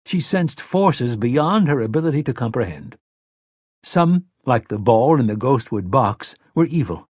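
A man narrating an audiobook in a measured, expressive storytelling manner. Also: medium pitch, breathy edge, dry recording, studio quality. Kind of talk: scripted narration.

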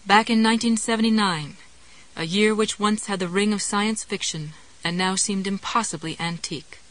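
A woman narrating a novel in a measured, wry storytelling manner. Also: medium pitch, fairly bright tone, low-quality recording. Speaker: audiobook narrator. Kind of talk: scripted narration.

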